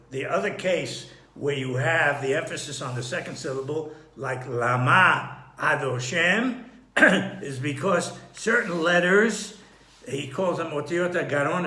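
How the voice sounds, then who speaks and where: A man giving an unhurried Torah study lesson, thinking aloud with frequent restarts and throat-clearing. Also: on the high side, pushed and bright, echoey room. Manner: clears his throat often. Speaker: Torah teacher.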